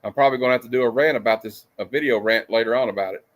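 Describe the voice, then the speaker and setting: A man's voice: medium pitch, rapid-fire. A man hosting a casual livestream, chatty and ranting, who laughs often. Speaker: comic show host.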